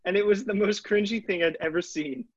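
A young man with a somewhat high voice joins a casual podcast, firing off quick quips and short stories. He sounds dry and close over dull, lo-fi call audio. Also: steady tone, dry recording. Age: young adult. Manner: quick quips, laughing often. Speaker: podcast co-host. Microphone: video call.

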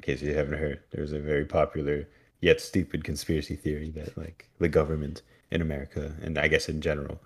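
A man's voice: a bass voice, completely flat delivery, fairly quick, slightly rough. A man co-hosting a podcast, trading wry jokes in casual recap chat. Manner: wry, jokey asides. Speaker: podcast co-host.

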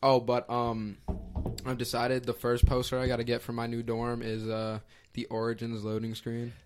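A man's voice: medium pitch, completely flat delivery, normal speed, darkish tone, clean tone. Young man, profane and hyped. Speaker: podcast co-host. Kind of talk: casual chat.

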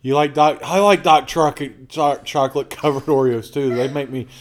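A man's voice: medium pitch, steady tone, normal speed. A man hosting a casual home podcast, playful and rambling, laughing at his own jokes. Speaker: podcast host. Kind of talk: casual family chat.

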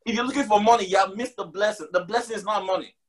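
Speaking very fast in a high-sitting voice, a male preacher delivers an emphatic sermon. He repeats lines for stress and blends casual slang with scripture.

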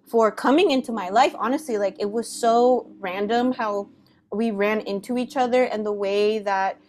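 A woman's voice: fairly high pitch, normal speed, darkish tone, slight background noise. A young woman hosting a podcast, telling a personal story animatedly with frequent laughter. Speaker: podcast host. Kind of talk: casual storytelling.

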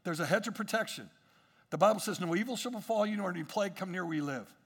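A male pastor preaching a sermon, swinging between quiet asides and emphatic rises, with frequent repetitions and restarts. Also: high-pitched, fast talker, breathy edge, in a large hall.

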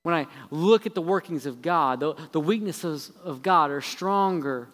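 A man preaching from the pulpit. His voice sits a bit higher than most men's and rings with a long church-hall reverb. He races through sarcastic lists, then slows and drops low for the main points. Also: fairly bright tone. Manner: heavy sarcasm with quick repeated phrases. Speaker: pastor. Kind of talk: sermon. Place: church sanctuary.

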